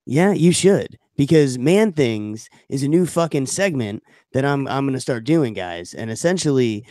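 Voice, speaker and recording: A man's voice: medium pitch, expressive, normal speed, a little mellow, no echo, clean studio sound. Profane swaggering podcast co-host man. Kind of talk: casual crude banter, mock-macho segment.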